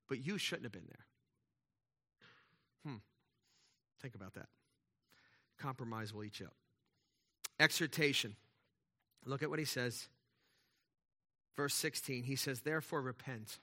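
Man, pastor, sermon, bright tense voice, fairly high pitch, chatty preaching, rhetorical questions. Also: animated, measured pace, vocal fry, long pauses. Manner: conversational preaching with rhetorical questions, shifts between loud and quiet.

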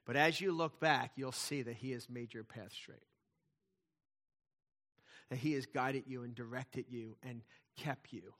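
A man's voice: mid-range voice, steady tone, measured pace, pauses often, a bit bright. A middle-aged male pastor preaching a sermon, emphatic, with intensity that swells and drops back.

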